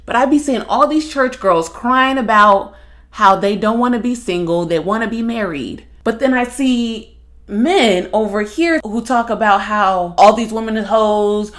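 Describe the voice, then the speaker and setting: Young woman podcast host, cussing a lot, blunt and animated, just talking her mind. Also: fairly high pitch, slow pace. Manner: blunt, profane, animated storytelling. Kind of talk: casual monologue.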